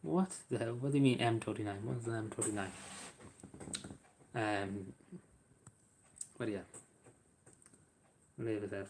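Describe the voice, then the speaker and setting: A man with an Irish accent chatting casually with viewers on a live stream, halting and rambling with many fillers, often apologizing. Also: fairly low pitch, steady tone, a little mellow, a little hiss or hum.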